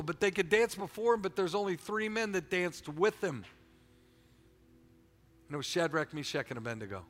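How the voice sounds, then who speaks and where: A preacher delivers an energetic, colloquial sermon, repeating words and restarting as he goes. His voice is slightly high and tense. A long reverb from the church hall follows each phrase. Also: normal speed. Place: church sanctuary.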